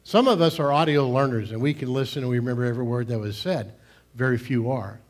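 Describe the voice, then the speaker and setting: A pastor giving a sermon. He explains at length in a conversational way, with small restarts, and slows down to stress quoted lines. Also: mid-range voice.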